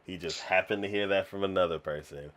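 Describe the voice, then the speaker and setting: A man's voice: low-pitched, steady tone, fairly quick, fairly bright tone. A man co-hosting an anime podcast in casual chat, laughing often and acting out lines of dialogue. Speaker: podcast co-host.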